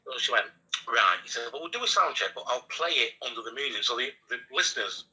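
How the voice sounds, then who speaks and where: A man with a Northern English accent, casually telling lively anecdotes and acting out the lines of the people in them, laughing often. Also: mid-range voice, fast talker, husky, poor audio. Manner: animated storyteller acting out quotes, laughing often. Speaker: radio presenter guest.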